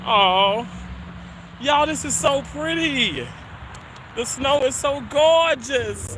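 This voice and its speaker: Guy with a really high lively voice, slow easygoing chatter, a bit winded on a phone outside, street noise. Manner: chatty, laughs often, talks to viewers. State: slightly winded from walking uphill. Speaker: livestreamer. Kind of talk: casual walking livestream chat. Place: outdoors on a snowy city street.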